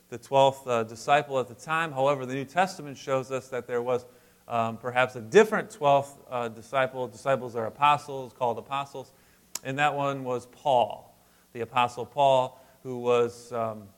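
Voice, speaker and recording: A pastor delivering a conversational sermon in church, mixing scripture reading with casual asides and light humor, rising to emphatic peaks. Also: male voice, medium pitch.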